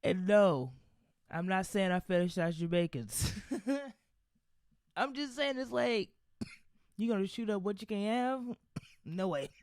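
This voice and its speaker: Solo podcast host, hot-tempered and profane, loose rambling delivery, mid-pitched voice. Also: expressive, takes it slowly, long pauses, a little mellow, no echo, studio quality. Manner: heated, profane ranting.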